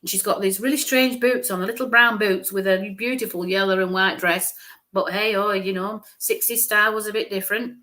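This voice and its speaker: A chatty woman gives a live-streamed psychic reading in a mid-pitched voice. She describes things in detail and keeps checking in with her listeners. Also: fairly even intonation, a little fast, sharp tone. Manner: chatty, describes what she sees, often checks in with "okay?". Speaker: medium giving live readings.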